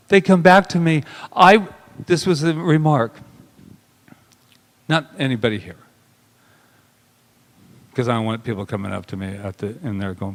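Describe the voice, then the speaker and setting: A male minister giving a sermon, talking intimately and emotionally, sliding from soft murmurs into raised bursts. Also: on the high side. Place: spiritual center sanctuary. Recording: long hall reverb.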